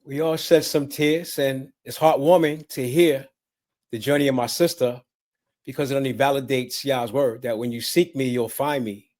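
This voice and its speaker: A man closing a religious talk show with a prayer, speaking in a rhythmic, preacherly way. His voice has medium pitch. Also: steady tone, moderate pace, a little mellow.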